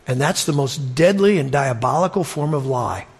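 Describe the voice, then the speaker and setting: Conversational male Bible teacher, medium pitch, casual explanatory tone with frequent asides. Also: expressive, moderate pace, breathy edge.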